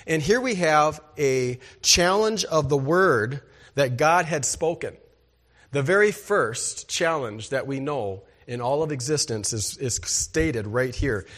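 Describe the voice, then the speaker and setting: A man's fairly high-pitched voice delivers a sermon as pastor. He speaks emphatically and keeps putting rhetorical questions to his listeners. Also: expressive, takes it slowly, a bit bright.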